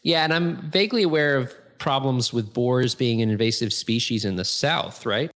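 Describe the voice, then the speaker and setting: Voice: medium pitch, moderate pace, a bit bright. Wry co-host with dry reactions. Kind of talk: casual conversational chat.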